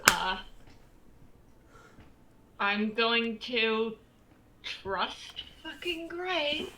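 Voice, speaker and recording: A woman playing at a tabletop game, speaking deliberately and swearing casually. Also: on the high side, lively intonation, background noise.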